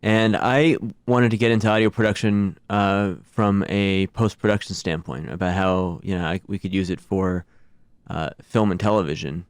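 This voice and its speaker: A man hosting a podcast, talking in a relaxed, thoughtful way with a few hesitant restarts. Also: low voice, moderate pace, clear, resonant tone, no echo, clean studio sound. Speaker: podcast host. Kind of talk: casual conversation.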